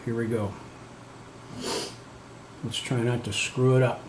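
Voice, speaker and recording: Slow and fairly flat in pitch, a mid-range Canadian voice rambles through a laid-back livestream, full of self-deprecation, fillers, and restarts. He's recorded in an echoey room with a little background noise.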